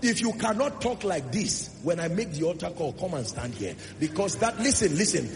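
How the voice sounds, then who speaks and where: A man preaching a sermon to a church congregation, emphatic, with rhetorical questions and swings between loud declarations and soft asides. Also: a little high, very animated, normal speed, hardly any pauses, a little hiss or hum. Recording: long hall reverb with music underneath. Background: music.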